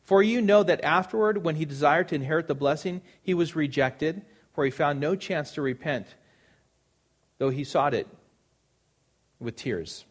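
A man's voice: on the high side, normal speed. A man preaching a sermon, earnest and emphatic, repeating phrases for stress.

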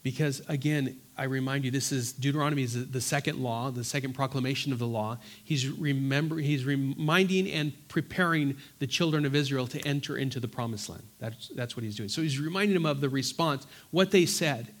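A man teaching a Bible study, reading scripture aloud slowly and earnestly between plain explanations, often restarting his words. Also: mid-range voice. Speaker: pastor.

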